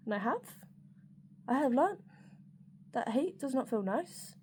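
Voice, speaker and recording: A woman's voice: fairly high pitch, unhurried, creaky, pauses often, darkish tone. Woman, candid rambling vlogger, fillers and casual swearing, faint background hiss. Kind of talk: personal reflective monologue.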